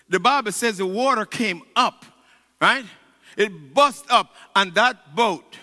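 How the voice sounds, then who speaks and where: A man preaching a fervent sermon as pastor of a church, rising to shouted peaks and calling on the congregation to answer back. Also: high-pitched, big-room sound. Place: church sanctuary.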